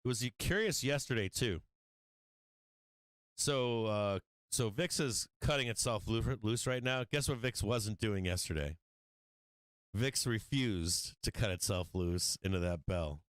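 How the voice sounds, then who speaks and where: A man with a fairly low voice talks markets on a livestream, blunt and profane, laughing between points. His tone is smooth and clear. The sound is dry and close, with no room around it. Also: lively intonation, measured pace, no echo. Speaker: stock market livestream host. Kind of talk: casual trading livestream talk.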